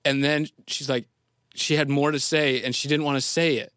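A man in his thirties, an audio engineer and studio guest, telling a family story in an earnest, halting way with many restarts. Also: medium pitch, steady tone, fairly bright tone, clean tone, no room sound. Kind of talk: casual studio chat, storytelling.

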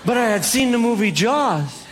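A man's voice: very high voice, expressive, moderate pace, heavy background noise. A man telling self-deprecating comic stories with playful punchlines to a live audience. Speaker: comedic speaker. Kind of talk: stand-up storytelling.

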